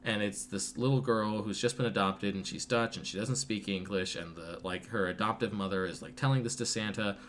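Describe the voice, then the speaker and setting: A man with a lowish voice recaps a story in a loose, rambling way, full of fillers and casual swearing. Faint noise sits behind him. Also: steady tone, a little fast, few pauses, fairly bright tone. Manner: rambling, laid-back, profane, lots of fillers. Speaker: podcast co-host recapping a film. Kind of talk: casual retelling with acted quotes.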